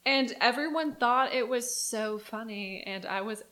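A woman's voice: a little high, measured pace, pushed and bright. A young woman co-hosting a podcast, telling a childhood story in casual chat, candid and blunt, with casual swearing. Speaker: podcast co-host.

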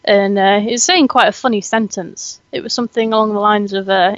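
A woman's voice: mid-range voice, fairly even intonation, quick pace, hardly any pauses, dry recording, muffled recording. A young woman hosting a casual chat, giggly and chatty, often poking fun at herself. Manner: giggly, chatty, self-deprecating. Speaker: host, student.

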